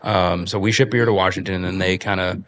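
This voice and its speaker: A man's voice: low-pitched, steady tone, fairly quick, a bit bright, slight background noise. A man guesting on a casual interview, laid-back and full of fillers as he talks about his business. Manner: laid-back, lots of fillers, laughs easily. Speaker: brewery owner guest.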